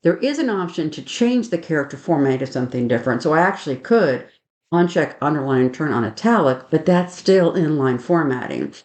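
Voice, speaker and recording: A woman teaching a software webinar, methodically explaining each click aloud and adding firm opinions on good practice. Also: sits low, animated, a little fast. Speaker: software trainer. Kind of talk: screen-share webinar demonstration.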